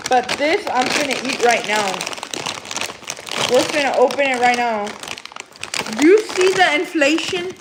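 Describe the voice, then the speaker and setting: A woman's voice: high voice, moderate pace, long pauses, noisy background. A young woman hosting a casual livestream, chatting and rambling through a story with lots of fillers. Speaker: livestream host.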